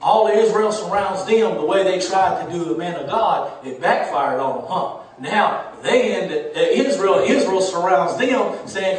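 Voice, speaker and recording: A man preaches a sermon in a high voice that rises to shouts and drops to near whispers. He is recorded from a distance in a very echoey church room. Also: unhurried, hardly any pauses. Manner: swings from loud preaching to hushed near-whisper, Southern US dialect. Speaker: pastor.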